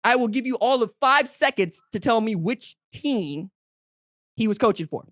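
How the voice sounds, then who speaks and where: A man hosting a solo sports podcast, talking emphatically to fans in second person with big jumps in pitch. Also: lively intonation, moderate pace, fairly bright tone, no echo, studio quality. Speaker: podcast host.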